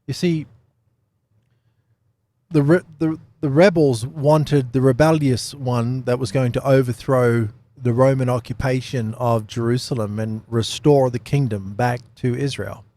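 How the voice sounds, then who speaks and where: A man's voice: medium pitch, fairly even intonation, unhurried, dark tone. Chatty man giving casual Bible teaching. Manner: chatty, laughs often, asks "right?".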